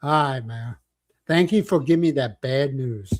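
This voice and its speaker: A man's voice: mid-range voice, normal speed. An older man hosting a casual livestream chat, telling rambling stories and joking with viewers. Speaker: livestream host.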